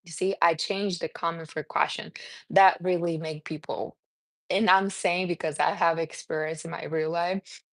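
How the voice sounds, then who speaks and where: A woman with a Brazilian accent speaks in a casual, earnest live-stream style, her everyday voice sitting mid-range and jumping up high when she gets lively. The sound is close and dead dry, with no room in it. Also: normal speed, dry recording. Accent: Brazilian Portuguese. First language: Portuguese. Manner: earnest, reads live chat names, answers viewers. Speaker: self-esteem coach hosting a live stream.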